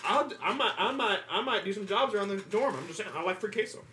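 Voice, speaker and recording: A young man co-hosting a casual podcast chat, joking and teasing his friends, quick to laugh. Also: sits high, animated, bright, forceful tone, slight background noise. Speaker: podcast co-host.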